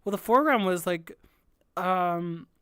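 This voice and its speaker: A woman's voice: fairly low pitch, a little slow, clear, resonant tone, no echo. Gushing young woman streamer, dry sound. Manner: excitable, gushing, heavy use of filler "like". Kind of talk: live music reaction stream. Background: faint album music playing.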